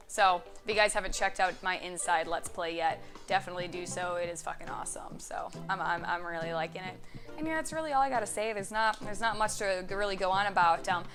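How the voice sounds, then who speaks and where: A young woman chatting casually to camera as a vlogger, swearing freely and laughing as she tells stories. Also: medium pitch. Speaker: YouTube vlogger.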